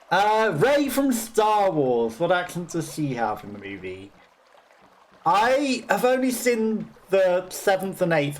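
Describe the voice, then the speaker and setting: A man's voice: a little high, slight background noise. A man with a Black Country accent giving chatty, self-deprecating commentary while playing a game and laughing often. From West Midlands, England. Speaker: gamer. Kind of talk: let's play commentary.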